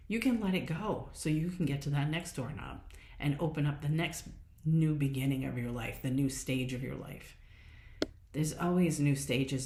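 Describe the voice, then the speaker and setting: A woman's voice: low voice, darkish tone, roomy sound. A woman hosting a solo podcast, talking in a casual, encouraging way and acting out little inner voices as she goes. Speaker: podcast host. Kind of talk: motivational solo podcast talk.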